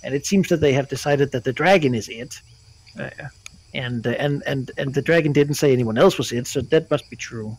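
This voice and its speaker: A man's voice: mid-range voice, brisk, poor audio. A man running a tabletop game as game master, narrating casually with many fillers.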